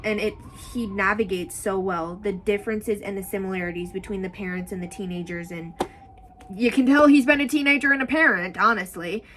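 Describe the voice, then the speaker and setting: A woman's voice: mid-range voice, low-quality recording. A young woman giving a casual, gushing book review outdoors, talking in a rambling way with many fillers. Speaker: book vlogger. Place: outdoors in strong wind. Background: wind noise.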